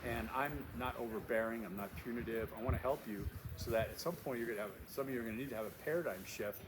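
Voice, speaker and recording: A man's voice: mid-range voice, fast talker. A man, a course instructor, introducing his class in a casual recorded video from a windy outdoor overlook. He talks emphatically, repeats his key phrases and uses many fillers. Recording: wind noise outdoors. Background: wind.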